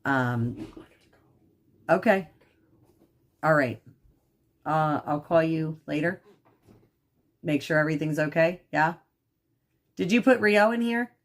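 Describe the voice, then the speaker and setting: A woman hosting a casual livestream from her home. She rambles with many fillers and switches to high baby talk for her dog. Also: takes it slowly, long pauses. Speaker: livestream host. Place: at home indoors.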